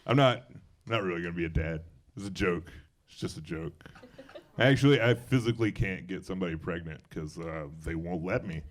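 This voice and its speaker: A man's voice: low-pitched, a little fast. A young man from Alabama with a Southern accent doing a stand-up set on a club stage, talking in a loose, self-deprecating way with dry asides. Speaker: stand-up comedian.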